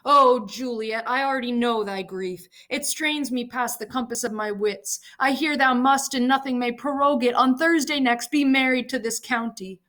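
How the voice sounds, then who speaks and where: A woman reading the part of a calm, counselling older male friar, in a measured and grave delivery. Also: a little high, voice pushed up, lightly acted.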